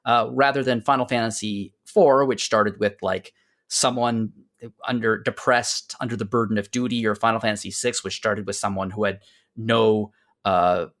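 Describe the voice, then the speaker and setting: Brief: podcast host, man, casual chat, lively quoted character voices. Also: fairly low pitch, normal speed. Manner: recapping a story with playful quoted voices. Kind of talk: casual game discussion.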